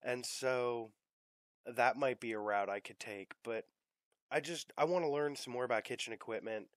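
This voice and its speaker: A man's voice: mid-range voice, normal speed, dry recording. A young man hosting a casual podcast chat, rambling with fillers and the odd swear word. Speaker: podcast host.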